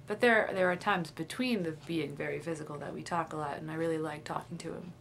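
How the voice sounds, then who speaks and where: A woman's voice: low-pitched, fast, vocal fry, a bit bright, slight background noise. A young woman talking into the camera in a confiding, dreamy video diary, often trailing off and restarting. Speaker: vlogger.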